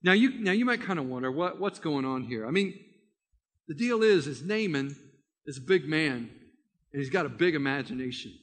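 A man preaching a sermon by retelling a story, animated and vivid, with frequent restarts. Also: on the high side, normal speed, long reverb tail.

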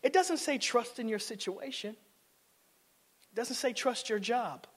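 A man preaching a sermon in a church, playful and conversational, rising to loud emphatic preaching. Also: very high-pitched, expressive, a little slow, big-room sound. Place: church sanctuary.

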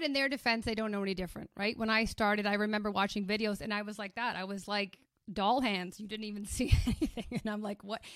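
A woman sales coach in a casual podcast conversation, talking in an animated, emphatic way with quick restarts. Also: medium pitch, dry recording, clean studio sound.

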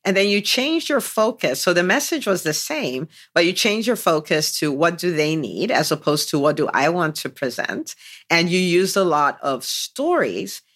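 A woman's voice: fairly low pitch, very animated, normal speed, a bit bright. A woman hosting a business podcast, enthusiastically unpacking and praising her guest's story in an interview chat. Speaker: podcast host and business coach.

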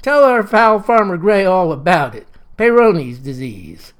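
A man's voice: sits high, very animated, a little slow. A man doing a slurring, sentimental drunk. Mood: tipsy, insistent. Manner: slurred, pushy, repeats himself.

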